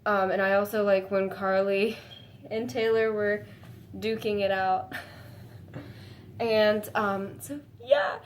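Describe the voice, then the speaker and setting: A woman vlogging to her viewers in a gushing, excitable way, full of "like" fillers and breaking into high squeals. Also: takes it slowly, pauses often, slight background noise. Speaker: fan vlogger. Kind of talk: casual chat to camera.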